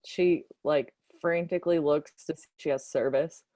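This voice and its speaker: A woman's voice: sits low, fairly even intonation, normal speed, mellow, no room sound. A woman playing a tabletop game, casually describing her character in a rambling way full of fillers. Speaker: player.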